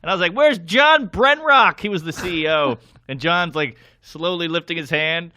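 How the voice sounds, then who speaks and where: A man's voice: a little high, a little fast, smooth. A young adult man, a comedian, telling a story casually on a podcast and acting out the people in it. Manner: animated, acts out voices of people in the story.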